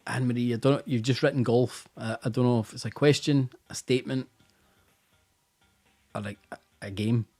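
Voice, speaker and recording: Scottish man, quiz host, casual live stream, chatty, teasing, tired, mid-pitched, faint music behind. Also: steady tone, normal speed, pauses often, mellow.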